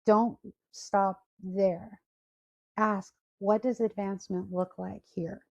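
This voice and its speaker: A woman's voice: mid-range voice, slow, creaky, muffled recording. A woman giving a career talk on a video call, telling a story and acting out the people in it. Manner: storytelling, animated quoted voices. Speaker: speaker. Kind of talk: career talk to an online audience.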